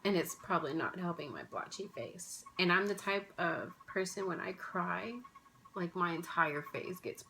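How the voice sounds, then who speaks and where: Tearful woman with a gravelly voice. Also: lowish voice, a little hiss or hum, poor audio. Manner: soft-spoken, halting, with restarts and sighs. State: tearful, emotional. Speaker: vlogger. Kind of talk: casual chat.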